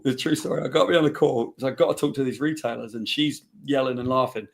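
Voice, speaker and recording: A man's voice: medium pitch, fast talker, gravelly. Guy on a live stream telling a silly story, voice jumps way up when he quotes people. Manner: animated anecdote teller, acts out quotes. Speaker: guest, comic book writer. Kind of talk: casual storytelling chat.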